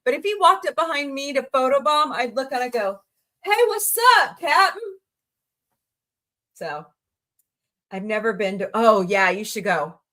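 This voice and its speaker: A woman's voice: fairly quick, few pauses, a bit bright. A woman hosting a casual livestream, rambling happily, greeting viewers by name and laughing easily. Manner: chatty, rambling, reads chat aloud and greets viewers; laughs easily, voices reactions with sudden high squeals. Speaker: livestream host.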